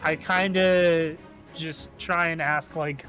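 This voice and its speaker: A man's voice: on the high side, slow pace, fairly bright tone, faint music behind. A man playing a tabletop game, talking hesitantly and laughing with the group. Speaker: player.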